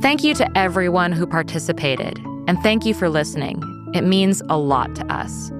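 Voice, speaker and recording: A woman's voice: fairly low pitch, big pitch swings, moderate pace, over music. A woman co-hosting a podcast, reading scripted narration in an earnest, direct way. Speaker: podcast co-host.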